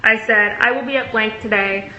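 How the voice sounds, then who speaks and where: A woman's voice: on the high side, fairly even intonation, moderate pace, sharp tone. A young woman in a casual storytelling vlog, reading out messages with sarcastic asides. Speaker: vlogger. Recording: echoey room, dull lo-fi sound, faint hiss.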